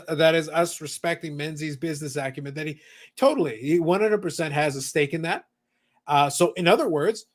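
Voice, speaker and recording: Chatty man hosting a hobby podcast. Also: on the high side. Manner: chatty, reads viewer comments aloud, many fillers. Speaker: podcast host. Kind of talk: casual chat.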